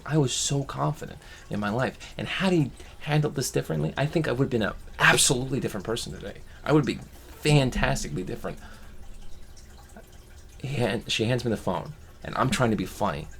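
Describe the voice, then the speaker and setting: A man's voice: on the low side, vocal fry, a bit bright. A man vlogging a personal story from his childhood, reflective and rambling, often restarting his sentences.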